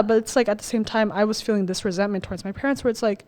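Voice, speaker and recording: Young woman co-host, casual storyteller, average pitch, heavy filler words. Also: fairly even intonation, fairly quick. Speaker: podcast co-host. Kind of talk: casual podcast chat.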